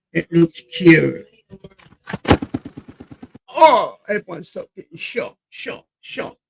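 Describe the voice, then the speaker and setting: An English man hosts a relaxed home live stream, chatty as he greets viewers one by one and reads the chat aloud. His slightly high voice has a gravelly edge, and he sometimes leans away from his desk mic on a low-quality recording.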